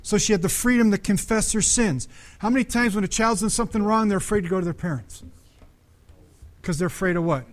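A man's voice: sits high, fairly quick. A man preaching a conversational sermon as pastor, often asking the congregation questions.

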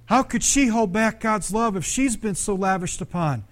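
High-pitched male pastor, conversational sermon delivery, engages congregation with questions. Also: animated, moderate pace.

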